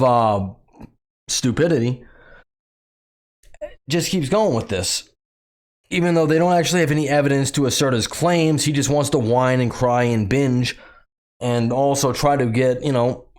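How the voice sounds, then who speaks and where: A man's voice: mid-range voice, a little mellow. A man from the United States reading news excerpts aloud and mocking them in a sarcastic, opinionated commentary. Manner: sarcastic, mocking, laughs at the story; reads news excerpts aloud between his own remarks. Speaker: commentary channel host.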